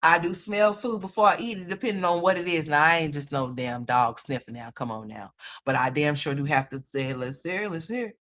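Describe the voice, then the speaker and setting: A woman hosting a livestream, reacting to chat in a loud, profane, animated way and calling viewers "y'all" and "honey.". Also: deep voice, fairly quick. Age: adult mother. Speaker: livestream host.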